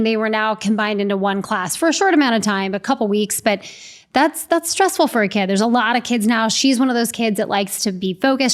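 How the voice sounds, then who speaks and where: A middle-aged woman explains leadership habits in a clear, structured, conversational podcast style. Her voice sits a little high for a woman. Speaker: podcast co-host, leadership coach.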